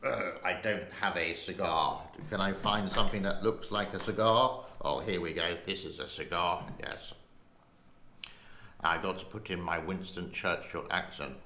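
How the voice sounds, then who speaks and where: A man's voice: deep voice, fairly even intonation, sharp tone. A man in his sixties hosting his own channel, rambling casually and reading headlines aloud. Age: 60s. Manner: slow, rambling, chatty. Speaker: channel host. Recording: roomy echo.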